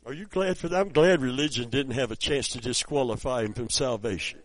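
A man preaching a sermon, telling a story softly and then rising into loud, high exclamations. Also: brisk, few pauses, dry recording, poor audio.

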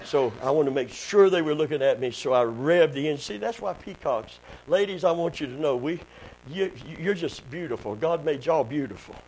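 A man's voice: on the high side, animated, moderate pace, darkish tone, low-quality recording. A man preaching a sermon at a church service, telling folksy stories and building to emphatic preaching.

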